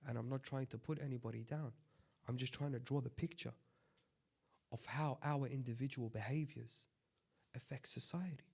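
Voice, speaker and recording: A man who is a sheikh giving a conversational sermon, swinging between loud impassioned appeals and quiet asides. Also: mid-range voice, fairly even intonation, moderate pace, vocal fry, long pauses, a little hiss or hum. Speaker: sheikh giving a religious talk.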